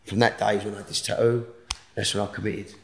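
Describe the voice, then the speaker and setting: A man telling a personal story in an interview, earnest and halting, with many restarts. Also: fairly low pitch, little pitch movement, vocal fry, slight background noise. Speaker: guest. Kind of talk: emotional personal testimony. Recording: roomy echo.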